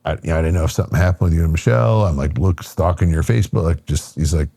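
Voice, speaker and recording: A man's voice: extremely low pitch, racing, gravelly, mellow, slightly rough, no echo. A middle-aged man from Michigan, a podcast guest, telling a personal story casually with lots of fillers and acted-out quotes. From Michigan, USA.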